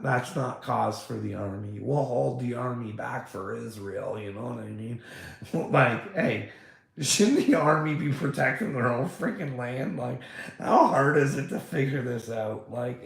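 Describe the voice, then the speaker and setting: A man rambles and swears through a casual rant, laughing often between thoughts. His voice is gravelly and his delivery slow. The sound carries the echo of a bare room. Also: medium pitch. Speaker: podcast host.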